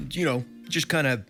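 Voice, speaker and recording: A man playing in a tabletop game, goofy and halting, repeating his words. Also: medium pitch, bright, forceful tone. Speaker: player. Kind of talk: casual tabletop play.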